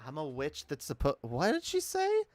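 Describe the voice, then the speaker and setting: A man's voice: fairly high pitch, wildly swooping pitch, normal speed, very noisy. A man giving casual, profane reaction commentary on a video, incredulous and rambling. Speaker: commentary streamer.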